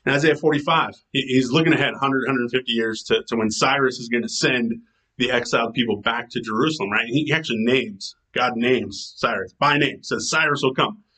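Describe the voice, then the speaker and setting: An enthusiastic man talks through scripture like a casual chat with friends, his voice bright and forward in a middle register. He acts out quotes with lively shifts in delivery, as a pastor who calls himself a nerd. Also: mid-range voice, brisk, low-quality recording. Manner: chatty, enthusiastic, self-described nerd; animated quoting in character voices. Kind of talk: casual devotional talk.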